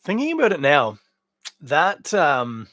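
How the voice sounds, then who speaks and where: A man's voice: a little high, huge pitch swings, slow, sharp tone, dry recording. A man hosting a podcast, giving a casual, jokey solo beer review full of rambling tangents. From Canada. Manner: chatty, jokey asides, drifting tangents.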